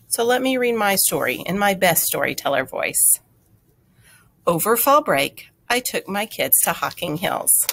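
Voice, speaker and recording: A woman's voice: on the low side, fairly bright tone, a little hiss or hum. A woman teacher giving a recorded writing lesson to young children, explaining step by step in a patient, encouraging way.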